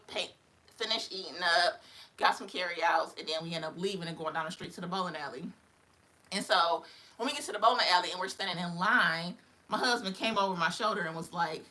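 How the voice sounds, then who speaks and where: A woman's voice: mid-range voice, bright, forceful tone. A young woman, casually telling a story on a livestream, laughing often and acting out other people's voices.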